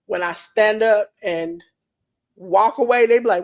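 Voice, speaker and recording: Animated woman telling stories. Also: medium pitch, normal speed. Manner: animated, acts out quoted voices. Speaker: guest. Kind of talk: casual chat, storytelling.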